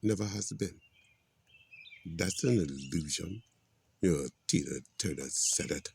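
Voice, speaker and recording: A man talks in a loose, preachy monologue, leaning on "you know" between thoughts. His voice sits extremely low with a gravelly rasp. Faint noise and birdsong run behind him. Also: measured pace, darkish tone. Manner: rambling, with many "you know" fillers; preachy, quotes scripture. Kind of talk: casual spoken monologue.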